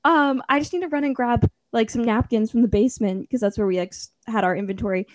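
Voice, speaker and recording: A young woman in casual chat, telling a story with lively acted-out quotes and frequent laughter. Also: on the high side, quick pace, no room sound. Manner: animated storytelling, acts out quotes, laughs often.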